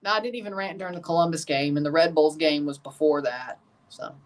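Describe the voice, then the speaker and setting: A woman's voice: low-pitched, a little fast, distant mic. A woman hosting a live watchalong stream, chatting with opinions and reacting aloud to the plays as they happen. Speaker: livestream host.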